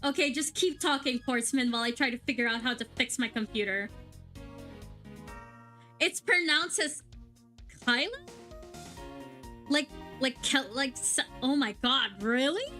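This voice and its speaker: A young woman livestreaming a game, chatting excitedly and swearing casually at her gear. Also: sits high, measured pace, pauses often, soft background music. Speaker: VTuber streamer.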